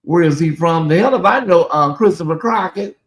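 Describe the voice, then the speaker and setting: A man's voice: fairly high pitch, moderate pace. Chatty Southern man hosting a livestream. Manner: chatty, talks straight to viewers, reads and answers chat. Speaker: livestream host. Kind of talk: casual livestream commentary.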